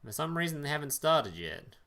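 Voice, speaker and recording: A man's voice: a little high, big pitch swings, brisk, vocal fry, pushed and bright. A young man streaming live, chatting casually, tripping over his words, swearing and chuckling as he reacts to chat. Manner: loose and profane, trips over words, chuckles often.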